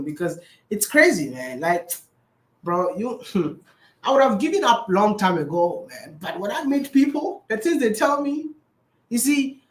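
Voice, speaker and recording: A man chatting casually as a vlogger, answering viewer questions, laughing often and repeating his phrases. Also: high-pitched. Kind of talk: casual chat. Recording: roomy echo.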